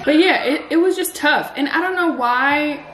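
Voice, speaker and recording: A young woman in the third trimester, talking casually and emotionally to her camera, tired and low, laughing through tears with lots of "like" fillers. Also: normal speed, a bit bright. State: weary and low. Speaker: vlogger, pregnant mother. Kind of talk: casual confessional vlog chat. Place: home room indoors. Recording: roomy echo of a home room.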